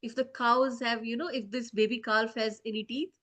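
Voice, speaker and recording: A little boy of one, whining and indignant that he has been treated unfairly, his voice raised noticeably higher, as a woman telling a children's story puts him on. He complains in an aggrieved, pleading way. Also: steady tone, moderate pace, fairly bright tone. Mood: whiny. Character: one-year-old divine boy, whining about unfairness.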